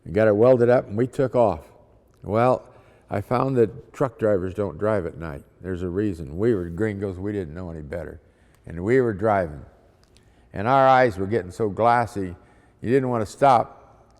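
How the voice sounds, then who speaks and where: A man's voice: fairly low pitch, normal speed, darkish tone. A man, a missionary, telling a testimony story in a folksy, dramatic way. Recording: long hall reverb.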